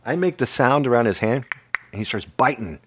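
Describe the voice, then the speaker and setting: A podcast host in his fifties chats casually, animated as he tells stories and laughing and joking frequently. His mid-range voice moves fairly quickly, and a little hiss or hum sits under the recording.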